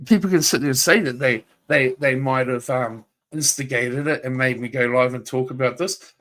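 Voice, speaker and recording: A man's voice: mid-range voice, normal speed, fairly bright tone. A man ranting on his livestream, taunting a rival directly, swearing and repeating himself. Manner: confrontational, taunting, profane. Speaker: YouTube livestreamer. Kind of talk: livestream rant.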